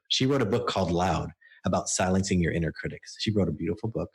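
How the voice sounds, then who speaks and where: Deep-voiced man telling coaching stories. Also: fast talker, creaky, few pauses. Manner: explains with stories and acted-out quotes. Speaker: book coach guest. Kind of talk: podcast interview.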